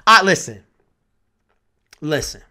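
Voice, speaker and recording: A young man with a high voice delivers an exasperated sports rant. He talks with passion and repeats himself often, sounding thoroughly fed up. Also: lively intonation, slow pace, bright, forceful tone. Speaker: sports vlogger. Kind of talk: ranting sports commentary.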